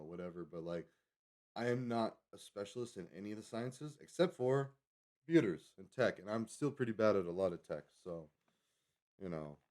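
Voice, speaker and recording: A man's voice: deep voice, darkish tone. A man livestreaming, rambling casually as he reads a web page aloud and stumbles over foreign names. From Colorado. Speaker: livestream host.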